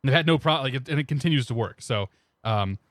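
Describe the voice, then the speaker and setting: A man's voice: mid-range voice, expressive, quick pace, dry recording, clean studio sound. A young man streaming a flight sim, rambling casually and greeting his chat by name into a desk microphone. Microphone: new desk microphone.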